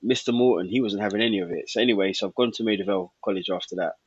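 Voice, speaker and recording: A man's voice: lowish voice, rapid-fire, slightly rough, no room sound, highs cut off. A man, a podcast guest telling a story and acting out old conversations.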